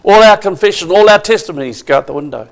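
A man's voice: high-pitched, lively intonation, fast, gravelly. A man preaching a sermon with emphasis, asking the congregation questions.

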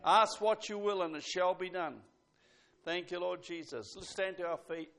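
A man's voice: high voice, normal speed, vocal fry. A man preaching at a church service, reading scripture and leading the congregation in song. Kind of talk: sermon with congregational singing. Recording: loud music behind the voice.

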